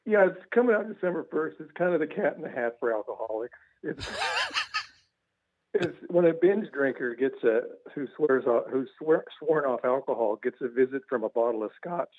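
A man's voice: mid-range voice, wildly swooping pitch, normal speed, dry recording. A man calling in as a guest author, talking casually and rambling with lots of restarts. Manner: rambling, repeats words, laughs at his own stories. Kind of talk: casual radio interview. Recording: tinny phone line.

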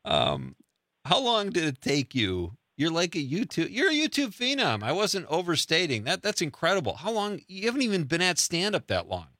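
A man hosts an interview show, joking and enthusiastic as he asks questions. His voice is bright and forward. The sound is dry and close. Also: fairly high pitch, wildly swooping pitch, moderate pace, no room sound. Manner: jokey, laughing, enthusiastic. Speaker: podcast host. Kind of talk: casual interview chat.

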